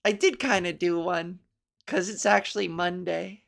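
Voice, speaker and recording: A woman's voice: lowish voice, measured pace, vocal fry. A young woman comedian hosting her own podcast, rambling through a giggly solo monologue. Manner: rambling, giggly, breaks into silly voices.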